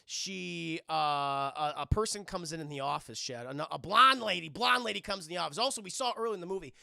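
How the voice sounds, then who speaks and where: A man recapping a film for his live-stream chat in a rambling, excitable way, swearing a lot and restarting often. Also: on the high side, fairly quick, creaky, no echo, studio quality.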